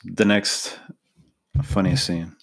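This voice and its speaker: This podcast host's voice is low-pitched and gravelly, and he speaks slowly. In casual chat he brings scenes to life, acting out quoted lines as he retells them.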